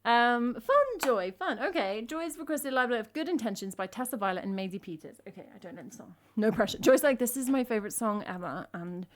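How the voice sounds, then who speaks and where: This English woman in her thirties has a voice on the high side with lively intonation, speaking fairly quickly with few pauses. A streamer and singer-songwriter, she chats casually and rambles self-mockingly to viewers on her music livestream, dropping her T's.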